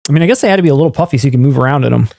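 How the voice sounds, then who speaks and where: A man's voice: mid-range voice, animated, rapid-fire, vocal fry, darkish tone, no room sound, clean studio sound. A man co-hosting a casual podcast chat, often laughing and quoting movie lines in put-on voices. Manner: laughing, doing movie-line impressions. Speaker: podcast co-host.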